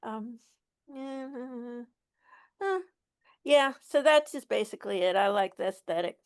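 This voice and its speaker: A woman's voice: on the high side, unhurried, clean tone. A woman in a casual fan chat, chatty and amused, with offhand asides.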